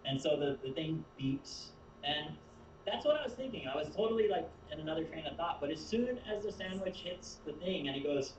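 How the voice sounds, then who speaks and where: A man's voice: fairly high pitch, lively intonation, a little fast, muffled recording, background noise. A man telling a rambling stand-up story who often laughs at his own jokes, recorded from a distance in an echoey room. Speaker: stand-up comedian. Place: comedy show venue.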